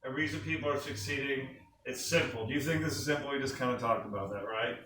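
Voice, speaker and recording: A man's voice: medium pitch, quick pace, pushed and bright. A man giving an enthusiastic sales presentation to a small group, asking the room questions as he goes. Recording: echoey room from a distant mic with faint noise.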